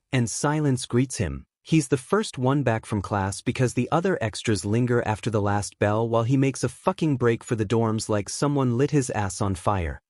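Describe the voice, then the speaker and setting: A man narrating fan fiction aloud in a steady, even storytelling delivery. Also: medium pitch, no echo, studio quality.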